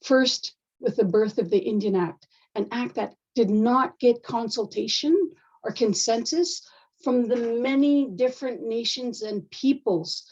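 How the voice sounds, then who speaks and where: A woman's voice: on the high side, unhurried, darkish tone, breathy edge, dull audio. A woman moderating a live online panel, speaking firmly and directly. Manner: firm, direct, assertive.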